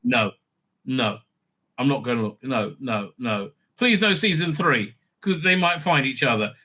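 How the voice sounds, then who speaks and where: A man's voice: medium pitch, measured pace, pushed and bright, faint music behind. A man hosting a channel, giving sarcastic, profane commentary over clips and dropping into exaggerated mocking voices.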